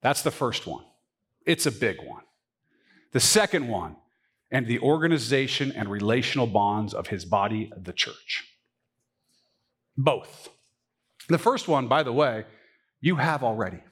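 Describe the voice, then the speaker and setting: A man preaches a sermon in a church, his voice climbing to emphatic peaks and then dropping back to quiet, conversational asides. His pitch moves widely and freely as he speaks, at a middle height for a man. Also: expressive, a little slow, pauses often, breathy edge. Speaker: pastor. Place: church sanctuary.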